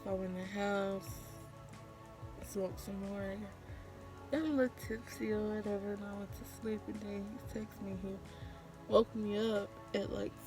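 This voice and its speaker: A woman vlogger, telling a candid, profane story in casual storytime style. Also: mid-range voice. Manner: candid, profane, acts out quotes.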